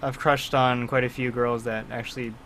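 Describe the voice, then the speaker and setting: Bright-voiced young man chatting. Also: medium pitch, flat delivery, normal speed, a little hiss or hum, rough recording. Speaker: podcast co-host. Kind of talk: casual chat.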